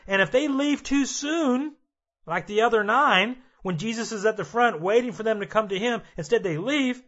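A man's voice: high voice, bright, forceful tone, lo-fi sound. A male preacher giving a sermon, emphatic and repetitive, addressing his listeners directly.

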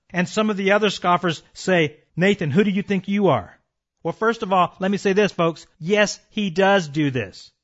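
A man's voice: high-pitched, fairly bright tone, highs cut off. A man preaching an emphatic sermon, calling his listeners folks and warning them of judgment.

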